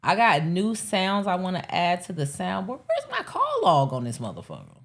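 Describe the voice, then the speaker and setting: Low-voiced woman hosting a live stream. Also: wildly swooping pitch, moderate pace. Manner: rambling, profane, talks to chat. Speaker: live show host. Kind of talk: casual live-stream chat.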